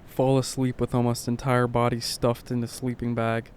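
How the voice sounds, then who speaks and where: A man reading a horror story aloud in short clipped lines, keeping his voice low and subdued. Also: monotone, moderate pace, darkish tone, a little hiss or hum. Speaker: narrator.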